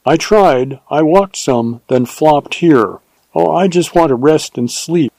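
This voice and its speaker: A man's voice: a little high, expressive, slow pace, gravelly, darkish tone, no room sound, voice pushed up, full character voice, poor audio. A man reading an audiobook, voicing a spirited, imperious young woman in a raised, lilting voice. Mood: tender.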